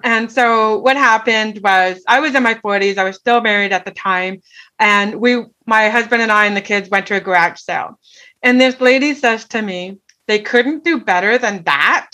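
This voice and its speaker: A woman's voice: mid-range voice, normal speed, sharp tone. A middle-aged woman telling a personal story in an earnest way, often checking in with "right?". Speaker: guest.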